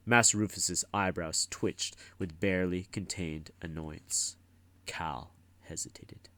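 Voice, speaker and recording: A man narrating a fantasy novel aloud as an audiobook, in measured storytelling. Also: low voice, fairly even intonation, a bit bright, dry recording. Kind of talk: scripted narration.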